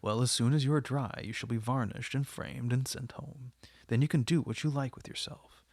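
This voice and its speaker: A man reading the part of an earnest, devoted male painter who pleads with a friend, in a gravelly voice. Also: mid-range voice, moderate pace, a little mellow, no echo, clean studio sound, close to an everyday voice. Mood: cool.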